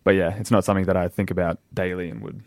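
A man's voice: low voice, level tone, very fast, a little mellow, dry recording. A young Australian man, a footballer guest, answering in a laid-back way with dry humour and trailing fillers. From Brisbane, Australia. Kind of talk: casual podcast interview.

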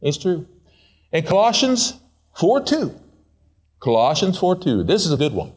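A male pastor with a husky voice preaches unhurriedly in a casual, playful way. His delivery swings from excited high asides to low, quiet remarks.

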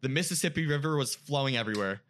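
A man's voice: medium pitch, expressive, rapid-fire, a bit bright, a little hiss or hum. A young man casually telling an emotional personal story as a guest, with many "like" fillers.

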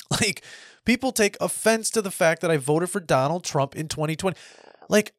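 A man's voice: high-pitched, animated, normal speed, no room sound, studio quality. A man in his thirties hosting a podcast, giving a casual opinion monologue that rambles, repeats itself and restarts often. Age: 30s. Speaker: podcast host.

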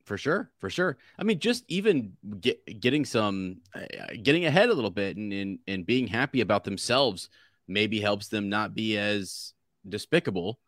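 Man, podcast co-host, low voice, dry sound, hesitant restarts, casual chat. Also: lively intonation, normal speed, fairly bright tone, dry recording.

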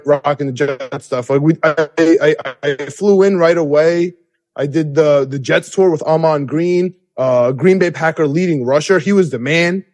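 Excitable high-voiced man rambling. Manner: animated, rambling with many restarts and laughs. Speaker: podcast host. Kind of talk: excited casual recap.

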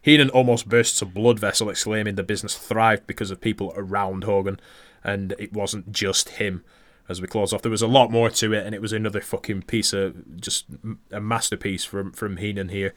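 A man's voice: fairly low pitch, fairly even intonation, a little fast, a bit bright. A man co-hosting a podcast, recapping events matter-of-factly with chuckles. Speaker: podcast co-host.

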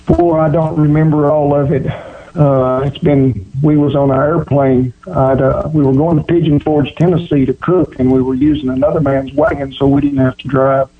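A man's voice: on the high side, fairly even intonation, moderate pace, narrow, tinny audio. A man from Oklahoma with an Oklahoma accent, a guest telling stories in a drawling, folksy way with country grammar. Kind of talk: folksy storytelling interview.

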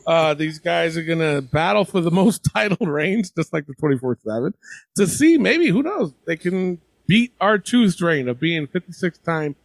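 Male podcast host, animated pitch, dry close sound, loose profane banter. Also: normal speed, creaky, dry recording. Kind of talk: casual chat.

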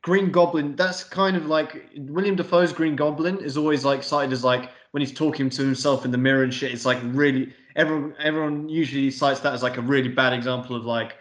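A man's voice: mid-range voice, fairly even intonation, brisk, hardly any pauses. Sweary, rambling man in an echoey room. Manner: rambling, sweary, lots of fillers. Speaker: podcast co-host. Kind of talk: casual film review chat.

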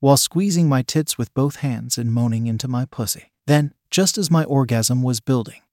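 A man narrating an erotic story in a steady, even reading manner. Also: mid-range voice, moderate pace, dry recording, clean studio sound.

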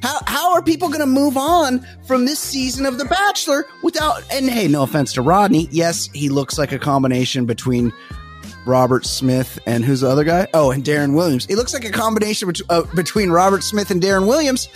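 A man co-hosting a podcast in casual, sarcastic chat, animated and swearing freely. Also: sits high, brisk, soft background music. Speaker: podcast co-host.

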